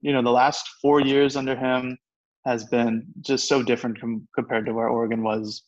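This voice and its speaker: A man's voice: mid-range voice, little pitch movement, normal speed, highs cut off. A young man in his twenties, co-hosting a casual sports talk, easygoing and hesitant with many fillers. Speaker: co-host.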